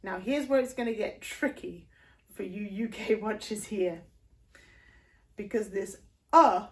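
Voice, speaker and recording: A woman's voice: mid-range voice, unhurried. A woman with a northern English accent, teaching singing in a video lesson and patiently explaining vowel shapes with short demonstrations. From northern England. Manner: patient, explanatory, breaks into sung vowel demos.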